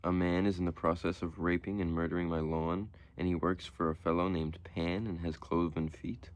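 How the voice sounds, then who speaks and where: A man's voice: sits low, little pitch movement, moderate pace, dry recording, close to an everyday voice. A man voicing a flustered, exasperated middle-aged suburban homeowner. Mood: frantic. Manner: frantic, exasperated.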